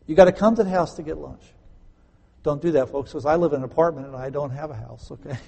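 A man preaching a sermon, emphatic, swinging between loud stresses and quiet conversational asides. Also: a little high, quick pace, creaky, husky. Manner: conversational, explains grammar with homely examples. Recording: echoey hall.

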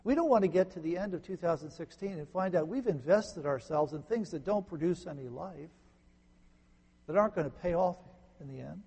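Guy pastor giving a sermon, mellow gravelly voice, big echoey church hall. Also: animated, a little fast. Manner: preacherly, rising to emphatic peaks then dropping low. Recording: long reverb in a large hall.

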